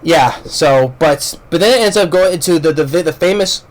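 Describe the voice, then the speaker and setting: Guy with a kinda high voice rambling thru a movie review, lots of restarts, blunt, swears casually. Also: moderate pace. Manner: rambling, many restarts and repeated words. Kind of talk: casual spoken film review.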